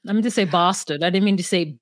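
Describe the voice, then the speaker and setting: A woman's voice: mid-range voice, steady tone, very fast. A woman co-hosting a podcast, talking in a laid-back, rambling way in casual chat. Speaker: podcast co-host.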